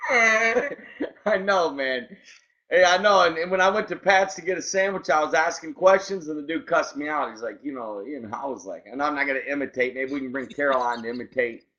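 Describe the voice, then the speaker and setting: In casual conversation, a man with a slightly high, bright voice and a forceful tone greets listeners by name with enthusiasm as a podcast co-host. He speaks at a moderate pace, and the recording has a dull lo-fi quality.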